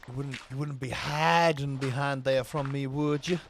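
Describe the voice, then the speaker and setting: A man putting on an exaggerated Southern US accent as a coaxing character, sweet-talking in a slow drawl. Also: mid-range voice, steady tone, noisy background, voice pushed down, close to an everyday voice.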